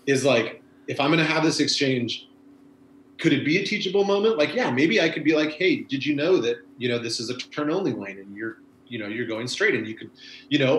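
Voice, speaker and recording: A man's voice: mid-range voice, echoey room, slight background noise, rough recording. A man, a former bike messenger, chatting casually and rambling with lots of fillers. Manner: rambling, laid-back, many fillers like "you know". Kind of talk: casual conversation.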